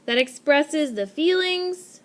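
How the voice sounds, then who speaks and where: Speaking slowly and expressively, a young adult woman narrates a lesson for a class, recorded through a tablet microphone. Her voice is a touch high for a woman, and her upbeat, clear teaching style relies on repeating the key points.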